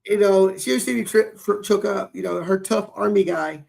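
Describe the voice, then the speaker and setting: Man in his forties, podcast co-host, high and very gravelly voice, earnest and heartfelt. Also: steady tone, normal speed, a little mellow. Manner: earnest, repeats words when moved. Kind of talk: heartfelt casual conversation.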